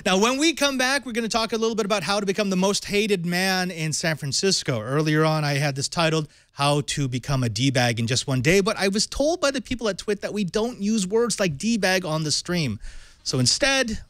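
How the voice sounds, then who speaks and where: A man hosting a tech panel show, his voice a bit higher than most and swinging widely up and down. He talks in lively bursts and throws questions at his guests. The sound is dry and close, with no room around it. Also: normal speed, dry recording. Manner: animated, rising and falling questions. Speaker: host.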